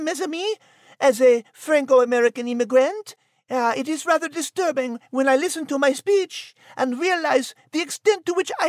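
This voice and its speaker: Woman doing a hammy fake French immigrant, high and playful, dry studio mic. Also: dry recording, natural voice. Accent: put-on French. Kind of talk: comedic podcast banter.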